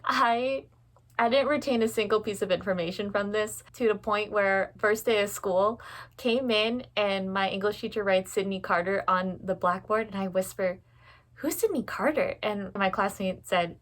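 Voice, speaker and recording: A woman's voice: mid-range voice, fairly bright tone. A woman in her twenties talking casually at home about her bookshelves, candid and self-mocking, laughing often and swearing offhandedly, filmed on her phone. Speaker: book vlogger. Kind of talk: casual chatty vlog. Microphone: phone camera.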